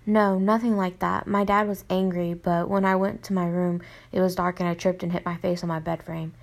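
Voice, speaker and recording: A woman's voice: on the low side, flat delivery, a little fast, gravelly. A young woman voicing a frightened, hurt teenage girl in her storybook reading, who pleads and explains nervously.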